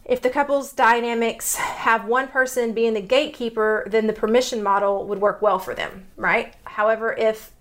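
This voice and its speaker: A woman's voice: a little high, fairly even intonation, moderate pace, hardly any pauses. A woman with a Texan accent co-hosting a podcast, explaining topics at length with some restarts. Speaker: podcast co-host, relationship doctor.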